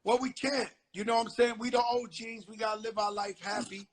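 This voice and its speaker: A middle-aged man hosting an interview, telling animated stories full of street slang. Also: extremely high pitch, a little fast. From the Bronx, New York. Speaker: host. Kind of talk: casual interview chat.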